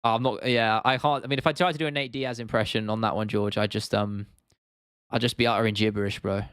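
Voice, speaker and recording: Laid-back young British man, smooth voice. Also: fairly low pitch, fairly even intonation, quick pace, a bit bright, dry recording, clean studio sound. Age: 20s. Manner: laid-back, chatty, swears casually, says "bro". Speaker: livestream host. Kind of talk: casual livestream chat reading viewer comments.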